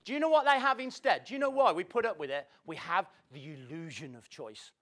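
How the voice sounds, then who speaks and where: A man's voice: high-pitched, fairly quick, a bit bright. A man giving a motivational talk to a live audience in an event room, playful and acting out the people he quotes. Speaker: motivational speaker.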